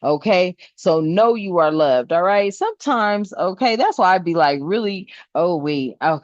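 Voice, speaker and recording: A woman's voice: lowish voice, expressive, unhurried, no room sound. A woman doing a tarot reading in a casual chat, laughing often and swearing freely in slangy speech. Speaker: tarot reader. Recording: dull, slightly lo-fi sound.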